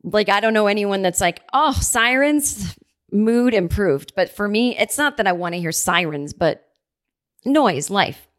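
A woman hosting her podcast from her apartment, telling stories in a chatty, animated way and acting out the people she quotes. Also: medium pitch, moderate pace, no echo, studio quality. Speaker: podcast host. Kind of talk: casual solo storytelling. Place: home apartment.

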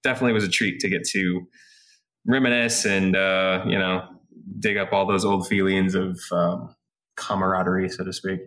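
Rambling man with a lowish voice. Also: level tone, moderate pace, fairly bright tone. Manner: rambling and self-deprecating, with many fillers and restarts. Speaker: guest actor. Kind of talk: casual interview chat.

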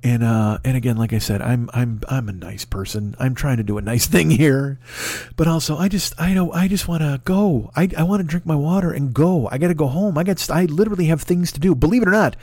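A man telling a rambling comic story, profane and animated, acting out other people's voices. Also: fairly high pitch, no room sound, clean studio sound. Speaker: comedy podcast host.

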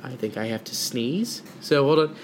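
A young man co-hosting a casual sports podcast, riffing jokes and roasting players with quick laughs. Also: medium pitch, lively intonation, noisy background. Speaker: podcast co-host. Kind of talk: casual comedic roast chat.

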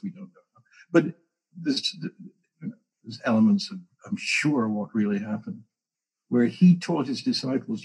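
A man with a gravelly, very raspy voice telling stories with animated, dramatic asides in a casual spiritual conversation. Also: medium pitch.

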